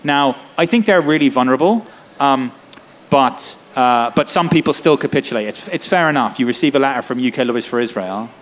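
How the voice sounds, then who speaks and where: A man's voice: mid-range voice, animated, slight background noise. Impassioned man talking law at a festival. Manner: impassioned, rapid, many "like" and "right?" tags. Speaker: lawyer and activist guest. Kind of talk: festival tent talk. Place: festival tent before an audience.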